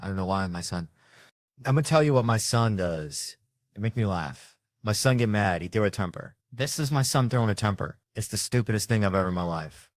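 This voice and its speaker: A man performing a stand-up comedy routine, telling animated stories and acting out his family members. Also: on the low side, a little fast, no room sound, studio quality.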